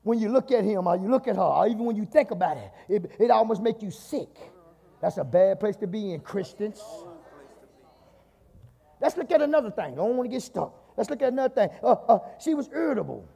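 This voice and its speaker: A Southern US pastor preaches to his church in a very high, husky voice with a mellow, dark color. He keeps breaking in with "my God" and calls out to the congregation. The sound carries a long hall reverb. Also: very animated, fairly quick. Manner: call-and-response preaching, repeats "my God". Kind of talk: sermon. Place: church sanctuary.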